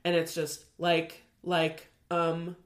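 A woman's voice: lowish voice, completely flat delivery, slow pace. A young woman with a Californian accent, chatting casually as a podcast co-host and saying "like" often. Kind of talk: casual chat.

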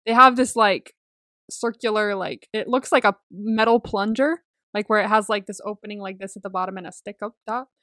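A woman's voice: mid-range voice, fairly quick, sharp tone, dry recording, clean studio sound. A young woman co-hosting a podcast in casual chat, talkative, laughing often and swearing freely. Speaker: podcast co-host.

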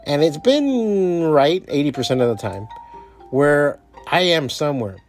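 A man's voice: on the high side, expressive, a little slow, soft background music. A man hosting his own podcast, talking in a casual, rambling, profanity-heavy motivational monologue. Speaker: podcast host.

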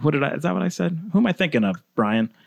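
A man's voice: on the high side, expressive, very fast, creaky, crowd noise. A man hosting a casual podcast chat, laughing easily and chiming in with agreement. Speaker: podcast host.

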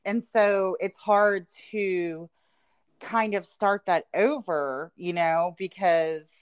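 A woman's voice: fairly low pitch, takes it slowly, clear, resonant tone, no echo. A woman, co-hosting a podcast in casual, reflective chat full of "you know" fillers. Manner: reflective, speaks in southern "y'all", many "you know" fillers. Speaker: podcast co-host.

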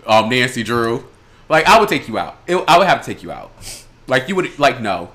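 A man from Chicago co-hosting a podcast, talking in a loud, animated and crude way with quick bursts of laughter. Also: medium pitch. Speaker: podcast co-host. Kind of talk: casual chat.

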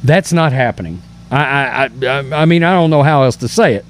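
A man's voice: medium pitch, fairly quick, a little hiss or hum. A man hosting a political commentary show, reading news aloud and reacting with emphatic indignation and stammered restarts.

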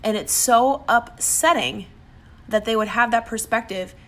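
A woman's voice: fairly high pitch, unhurried, a bit bright. A woman giving an emphatic motivational talk, sometimes acting out what other people say. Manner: emphatic, acts out quoted voices. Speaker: motivational speaker.

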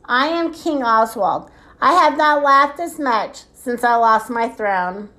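A woman voicing a jolly old male walrus king who exclaims loudly and laughs heartily in a storybook. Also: fairly high pitch, expressive, slow, exaggerated voice. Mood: jovial.

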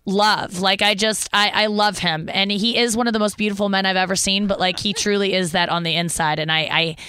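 A woman's voice: mid-range voice, steady tone, fairly quick, pushed and bright, smooth, no room sound. A woman hosting a comedy podcast, chatting casually in a rambling, self-deprecating way with many restarts. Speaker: podcast host.

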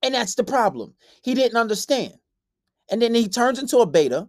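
A man's voice: extremely high pitch, very animated, brisk, dry recording, studio quality. Brash, profane young man ranting. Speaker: podcast host. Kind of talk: casual dating-advice podcast rant.

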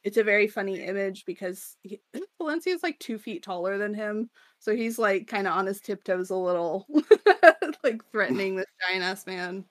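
A woman's voice: medium pitch, animated, normal speed, dry recording. A woman co-hosting a podcast, recapping a story in casual chat, laughing often and rambling with many fillers. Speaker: podcast co-host.

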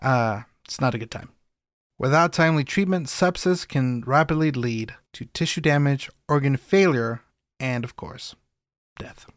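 A man's voice: mid-range voice, a little slow, dry recording, clean studio sound. A young man co-hosting a comedic history podcast, playful and sarcastic. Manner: playful, sarcastic, breaks into silly voices. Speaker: podcast co-host.

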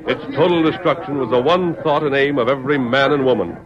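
A man's voice: mid-range voice, fast, a crowd in the background. A man narrating a 1940s radio western in a dramatic, urgent storytelling manner. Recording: dull old radio recording with music.

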